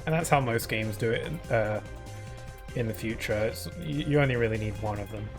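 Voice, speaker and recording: A young man streams a game, talking into a desk microphone with casual, rambling commentary full of fillers. His voice is lowish and a little fast, and game music plays behind him.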